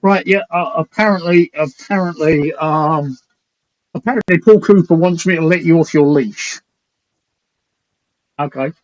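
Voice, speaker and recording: Blunt, rambling host, a bit hoarse. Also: male voice, fairly high pitch, measured pace, long pauses, dry recording, highs cut off. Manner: rambling, blunt and crude, reads out viewer comments. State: slightly hoarse. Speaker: talk show host. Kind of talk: casual late-night live stream chat.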